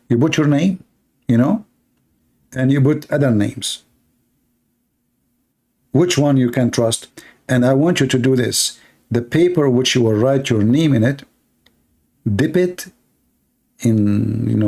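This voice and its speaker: A man at a mid pitch runs a live-stream reaction. His commentary is sarcastic and mocking. He rambles in loose, broken English. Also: darkish tone.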